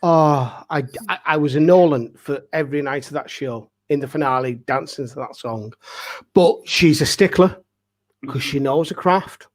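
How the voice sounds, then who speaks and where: A man who performs as a pantomime dame, speaking as a guest in casual chat with halting, stammering starts. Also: fairly high pitch.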